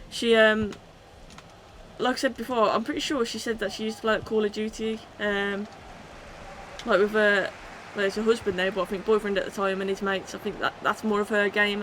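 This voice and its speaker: A woman livestreaming a football video game, chatting with her viewers and shouting at the match as it plays out. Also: mid-range voice, fairly quick, a little hiss or hum. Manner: excitable, shouts at the game, then chats casually. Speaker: gaming streamer. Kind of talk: live game commentary and chat reading.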